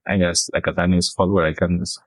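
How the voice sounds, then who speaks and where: A man playing a tabletop game who talks in a halting way, full of fillers. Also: deep voice, little pitch movement, dry recording. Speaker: player.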